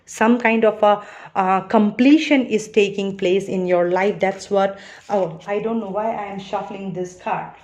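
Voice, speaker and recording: A woman's voice: medium pitch, fairly even intonation, a little slow, darkish tone. A woman giving a tarot card reading, chatty and earnest, full of "you know" and "all right". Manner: earnest and reassuring. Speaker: tarot reader.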